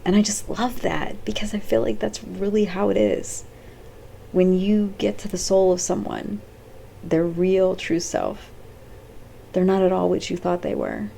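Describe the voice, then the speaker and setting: Brief: woman vlogger, rambling and off the cuff, dark gravelly voice, faint noise behind. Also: medium pitch, big pitch swings, unhurried. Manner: rambling and off the cuff, with many fillers and restarts. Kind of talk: casual talk to camera.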